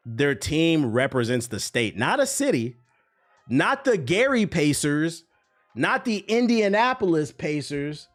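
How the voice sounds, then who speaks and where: A man hosting a livestream, ranting bluntly and profanely in casual chat to his viewers, often breaking into laughter. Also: medium pitch. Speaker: livestream host.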